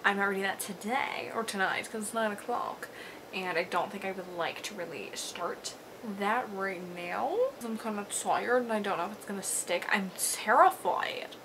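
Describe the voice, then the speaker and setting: A woman's voice: mid-range voice, moderate pace, noisy background. A young woman chatting casually in her reading vlog at home, swearing freely and laughing often. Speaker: book vlogger.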